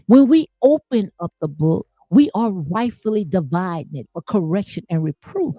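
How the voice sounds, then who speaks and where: A woman's voice: lowish voice, lively intonation, moderate pace, warm tone, no room sound, faint music behind. A woman giving impassioned spiritual commentary, preachy and emphatic, repeating phrases for emphasis. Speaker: commentary host.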